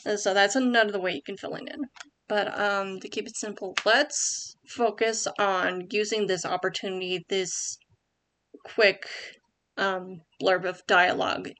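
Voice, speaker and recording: A woman's voice: medium pitch, steady tone, measured pace, a bit bright. A young woman at home giving casual writing tips over a screen share, rambling with many ums and likes and correcting herself as she goes.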